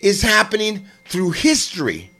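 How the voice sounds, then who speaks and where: A man hosting a casual podcast chat, emphatic and quick to chime in with agreement. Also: high voice, wildly swooping pitch, vocal fry, pushed and bright. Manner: emphatic, interjects often with agreement.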